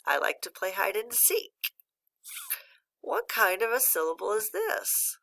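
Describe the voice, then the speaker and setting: A woman phonics teacher speaking slowly and patiently to young learners, leaving gaps for their answers. Her voice is low with a gravelly edge and a bright tone. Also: huge pitch swings. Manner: patient, encouraging, pauses for student answers. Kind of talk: recorded phonics lesson.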